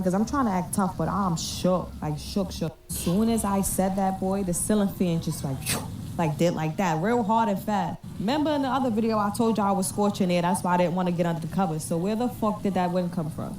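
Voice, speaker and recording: A woman's voice: medium pitch, a little fast, far from the mic, slight background noise. Profane woman telling a scary story. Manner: profane, slangy, animated retelling. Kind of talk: casual storytelling to camera.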